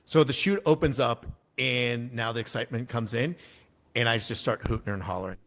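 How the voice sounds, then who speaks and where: Animated storytelling man, mid-pitch. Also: a little fast. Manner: animated storyteller, casual swearing. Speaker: podcast guest, former army officer. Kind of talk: casual interview storytelling.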